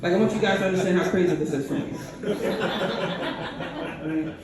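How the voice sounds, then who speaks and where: A woman's voice: lowish voice, brisk. A woman doing a stand-up set on a small bar stage who keeps checking in with the crowd, heard from far off in an echoey room. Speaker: stand-up comedian.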